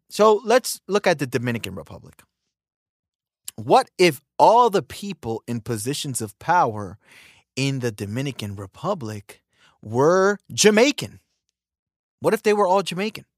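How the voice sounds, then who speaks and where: An American man hosting a podcast in a casual ranting monologue, animated and emphatic, repeating words for emphasis. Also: mid-range voice, no room sound, clean studio sound. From United States. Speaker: podcast host.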